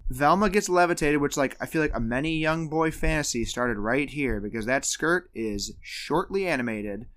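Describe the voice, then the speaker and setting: A man chatting casually as a podcast co-host, his voice sitting a bit high for a man. He retells a film with animated energy and slips into quick voices for the characters. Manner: animated, acts out characters' lines while retelling. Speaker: podcast co-host recapping a movie. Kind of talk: casual chat.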